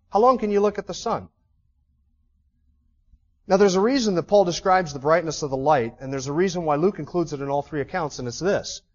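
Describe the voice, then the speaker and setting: A high-pitched man delivers a sermon as a pastor, building to loud, emphatic peaks before sinking into hushed, low passages. The recording sounds slightly dull and lo-fi.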